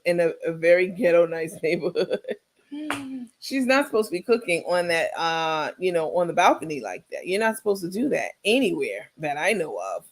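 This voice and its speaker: A woman giving casual comedic reaction commentary, sassy and laughing, talking straight to her viewers. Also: on the low side.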